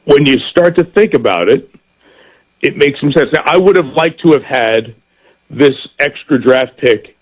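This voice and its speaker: A middle-aged man, a football broadcaster, chatting as a guest in a radio interview, lively and given to repeating words as he starts a thought. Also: mid-range voice, unhurried, low-quality recording.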